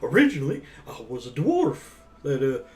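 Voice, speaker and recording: Man doing a loud, gushing werebear Barry. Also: mid-range voice, huge pitch swings, moderate pace, recorded from a distance, pitched above the performer's own voice. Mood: chatty. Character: boisterous male werebear polar bear, once a dwarf.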